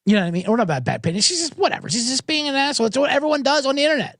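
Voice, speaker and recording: Animated, gravelly-voiced man ranting. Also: very high voice, quick pace, dry recording, studio quality. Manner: rambling, irreverent, profane. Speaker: podcast host. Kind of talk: casual ranting monologue. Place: home studio with monitors. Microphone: close studio microphone.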